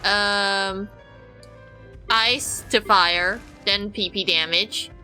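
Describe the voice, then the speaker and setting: A woman's voice: mid-range voice, fairly even intonation, very slow, bright, forceful tone, soft background music, poor audio. A woman streamer giving casual gameplay commentary, rambling through explanations to her chat.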